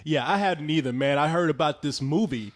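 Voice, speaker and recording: A man's voice: fairly high pitch, brisk. Laid-back, profane male podcast host. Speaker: film review podcast host. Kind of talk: casual chat.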